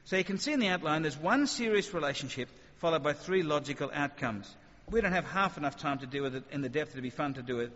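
A man's voice: on the high side, fast talker. Man preaching in a reverberant hall. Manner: conversational, animated, rhetorical questions. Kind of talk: sermon. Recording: dull sound with long hall reverb.

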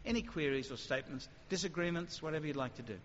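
A man giving an animated, conversational talk on faith to an audience, with lively acted asides before taking questions. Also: a little high, quick pace. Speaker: speaker. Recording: muffled hall recording with faint noise.

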